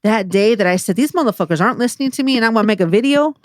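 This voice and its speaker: A woman's voice: on the high side, very fast, no room sound, studio quality. A woman professor co-hosting a podcast in casual chat, telling stories with lots of profanity and acted-out quotes. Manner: profane, animated storytelling with quoted voices.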